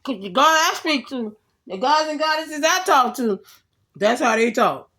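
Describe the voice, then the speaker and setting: A woman giving a casual tarot reading straight to the viewer, animated and slangy, laughing often as she talks. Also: high voice, a little slow. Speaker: tarot reader.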